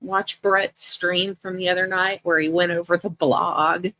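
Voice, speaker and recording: A woman's voice: lowish voice, level tone, a little slow, sharp tone. A middle-aged woman hosting a casual livestream chat, greeting viewers by name and laughing often as she talks. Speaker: livestream host.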